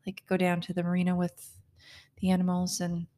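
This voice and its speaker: A woman's voice: on the low side, monotone, fairly quick, warm tone. A woman co-hosting a podcast in casual chat, telling rambling stories. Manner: chatty, rambling storyteller. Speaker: podcast co-host.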